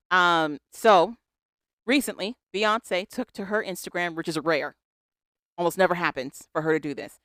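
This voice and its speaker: On a casual pop-culture podcast, a co-host chats about celebrity news, pauses to read a statement aloud, and tosses in wry remarks. The middling-pitched voice is bright and forceful at a moderate pace, captured on a close mic in a dead, dry room with no echo.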